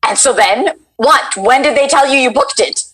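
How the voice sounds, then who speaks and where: A woman's voice: high voice, normal speed, fairly bright tone, breathy edge, rough recording. A woman hosting a casual interview over a video call, playful and encouraging with her guest. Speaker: host interviewer.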